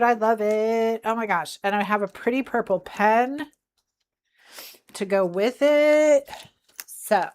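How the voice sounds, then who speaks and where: A woman with a mid-range voice and some vocal fry chats playfully while crafting, talking to her cat as she streams from her craft desk. The desk mic captures a faceless view of her workspace.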